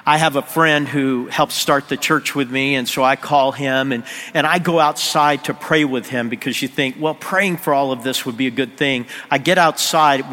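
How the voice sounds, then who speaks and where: Male pastor, sermon storyteller, forceful tone, echoing church hall. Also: mid-range voice. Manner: drops to near-whisper on emotional moments. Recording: long hall reverb.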